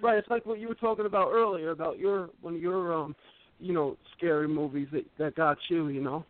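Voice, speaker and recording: A man working as the show's engineer, chatting casually on air and pausing to search for his words. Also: on the high side, steady tone, no room sound. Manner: hesitant, many fillers and restarts. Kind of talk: casual radio chat. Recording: tinny phone-like line, dry.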